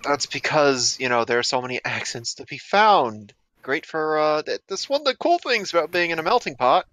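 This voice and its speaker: A man's voice: fairly high pitch, big pitch swings, moderate pace, fairly bright tone. A man co-hosting a stream in casual voice chat, rambling with jokey asides. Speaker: podcast co-host.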